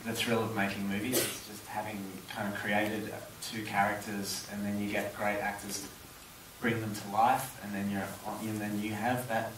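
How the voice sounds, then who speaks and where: A man's voice: fairly low pitch, little pitch movement, normal speed, a bit bright, a little hiss or hum. A film director at a live audience Q&A, answering thoughtfully and searching for his words. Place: cinema auditorium. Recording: roomy hall, distant mic.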